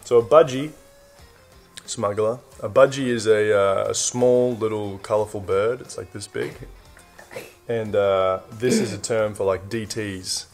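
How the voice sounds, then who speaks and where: A young man with an Australian accent and a gravelly, low-pitched voice. He explains things in an easygoing, relaxed drawl. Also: a little slow, faint music behind. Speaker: guest explaining slang. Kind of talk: casual explainer in a played clip.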